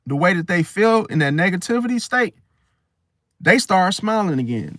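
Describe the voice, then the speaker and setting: A man hosts an astrology video, chatting casually to camera in a rambling, slangy way and often restarting his sentences. His voice is fairly high for a man, and the recording is dry and close with no room sound.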